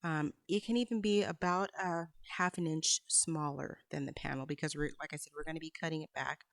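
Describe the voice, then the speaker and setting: A woman's voice: deep voice, steady tone, a little fast, creaky, dry recording, low-quality recording. A woman giving a patient, step-by-step sewing tutorial as a voice-over, with small asides as she works. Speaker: quilting instructor.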